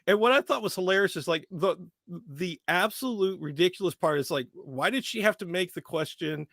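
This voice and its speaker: A man who is a voice-acting guest tells stories with lots of laughs and play. His voice is bright and gravelly and swings widely in pitch, and the sound is dry and close. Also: brisk, no room sound. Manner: animated, laughing, playful storyteller. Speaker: voice actor guest. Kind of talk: casual interview chat.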